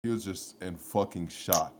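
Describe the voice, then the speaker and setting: A man's voice: low voice, normal speed, a little mellow. A man, co-hosting a podcast, telling a rambling story full of cursing and laughter. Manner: rambling, profane, laughs often, lots of restarts. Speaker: podcast co-host. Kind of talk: casual chat, storytelling.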